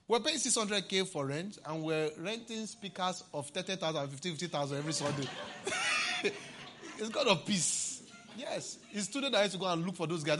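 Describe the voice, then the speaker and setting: High, lively laughing male preacher. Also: background noise. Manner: playful, shouting and laughing preacher. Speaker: pastor. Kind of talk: sermon.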